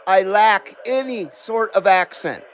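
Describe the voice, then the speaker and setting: A man from the US West Coast with a rather high voice hosts a relaxed live stream. He talks slowly, rambles and jokes at his own expense. Faint noise sits under his voice. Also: poor audio. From West Coast of the United States. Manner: rambling, self-deprecating, laughs often, reads viewer comments aloud. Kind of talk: casual live-stream chat.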